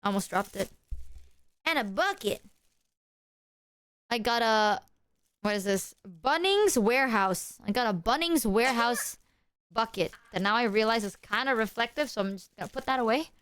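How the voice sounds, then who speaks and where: A woman streamer chatting to her viewers, excitable and apologetic as she shows off gifts. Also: a little high, normal speed, smooth, dry recording. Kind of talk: casual stream chat to viewers.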